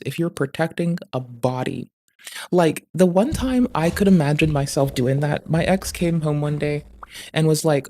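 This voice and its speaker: A live streamer ranting through stream commentary. The voice stays quiet but rushes along, full of swearing and loose asides that wander off. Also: medium pitch. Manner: talks quietly and quickly; heavy swearing, rambling asides.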